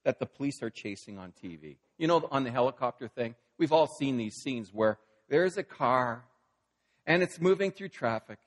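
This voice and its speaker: A male pastor tells his sermon like a story, chatty and lively, acting out each scene. His voice sits a little on the high side. The sound rings with the long echo of a church hall.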